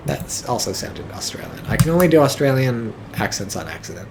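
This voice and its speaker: A man giving casual, rambling game commentary, joking and swearing and getting excited as things happen. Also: medium pitch, brisk, few pauses, noisy background. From not British. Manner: rambling, jokey, swears freely, gets excited.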